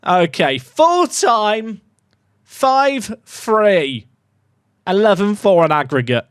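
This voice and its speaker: A man commentating his own football management game for viewers, muttering asides and bursting into excited shouts. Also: high voice, slow, clear, resonant tone, dry recording, clean studio sound. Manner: swings between mumbled asides and excited shouts. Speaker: video game streamer.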